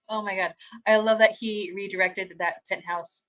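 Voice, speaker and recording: This woman hosts a fan watch-party stream, chatting casually and reading viewer comments aloud. Her bright, medium-pitched voice gushes with excitement, she laughs a lot, and she restarts sentences midway. The recording is rough.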